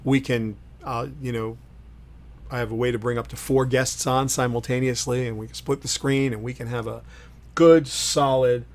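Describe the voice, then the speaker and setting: A middle-aged man hosting a solo livestream, talking in an opinionated, emphatic way, swinging between loud punchy lines and quiet asides. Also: medium pitch, fairly even intonation, normal speed. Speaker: host.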